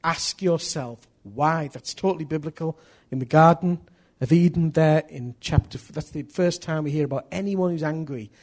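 A middle-aged man preaching a sermon, animated, acting out little dialogues as he tells stories. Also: on the high side, moderate pace, hardly any pauses. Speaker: pastor.

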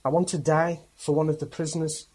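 A man's voice: on the high side, little pitch movement, brisk, a little mellow, breathy edge. A man voicing a middle-aged male priest who speaks politely and steadily. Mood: resolute. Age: 40s.

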